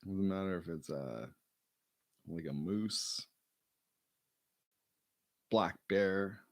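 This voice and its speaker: A man's voice: sits low, drawn-out words, dry recording. A man in casual, meandering chat, joking and swearing with lots of fillers.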